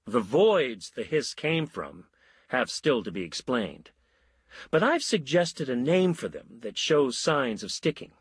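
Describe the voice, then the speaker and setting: Husky male storyteller, lively inflection. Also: medium pitch, dry recording. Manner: wry, measured storytelling. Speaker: narrator. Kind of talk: audiobook narration of a short story.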